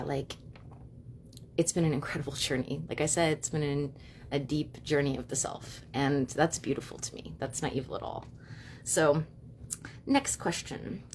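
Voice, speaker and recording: A young woman with a low voice talks quickly into her phone on a home live stream, stringing thoughts together with plenty of fillers. A faint rumble sits behind her. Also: lively intonation, a little mellow. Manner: fast, chatty, many fillers like "you know" and "like". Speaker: livestream host and witch. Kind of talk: casual live-stream talk.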